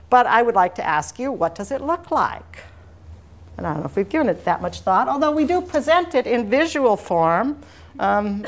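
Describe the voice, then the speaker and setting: Female lecturer, mid-range voice, rambling anecdotal academic talk to a room. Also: medium pitch. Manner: discursive, anecdotal and digressive. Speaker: university lecturer.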